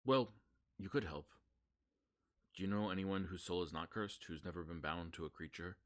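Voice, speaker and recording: A man running a tabletop game as game master, talking in a relaxed, rambling way with plenty of fillers. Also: low voice, moderate pace.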